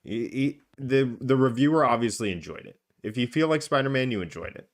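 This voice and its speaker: A man's voice: mid-range voice, fairly quick. A man co-hosting a gaming podcast in a casual, chatty way, with plenty of ums and uhs. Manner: chatty, filler-heavy, upbeat. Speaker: podcast co-host.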